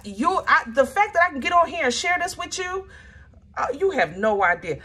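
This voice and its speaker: A woman's voice: sits high, animated, normal speed, sharp tone. A woman giving a casual, chatty tarot reading to her viewers, emphatic and often searching aloud for the right word. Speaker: tarot reader.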